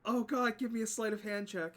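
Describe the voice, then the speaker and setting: A man with a slightly high voice runs a tabletop game as game master. He swears freely and laughs in disbelief as he calls for rolls and narrates. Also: fairly even intonation, brisk, fairly bright tone. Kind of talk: running a tabletop game over voice chat.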